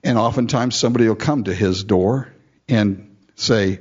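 A man preaching a sermon, retelling a Bible story in an animated way with chuckling asides. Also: on the low side, normal speed, slightly rough. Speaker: pastor. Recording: dull lo-fi recording.

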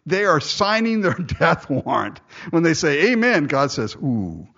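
Husky-voiced man preaching with animation. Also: fairly high pitch, very animated, measured pace, a bit bright, muffled recording. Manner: jokey, conversational asides. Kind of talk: sermon with scripture reading.

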